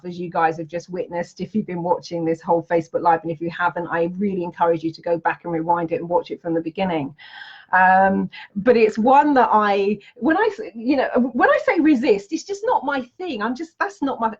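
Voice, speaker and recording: A woman's voice: fairly low pitch, fairly quick, slightly rough. A woman reading tarot and chatting with viewers on a live stream, bubbly and enthusiastic and laughing often. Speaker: tarot reader and trainer. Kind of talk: Facebook Live chat with viewers. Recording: slightly dull lo-fi stream audio.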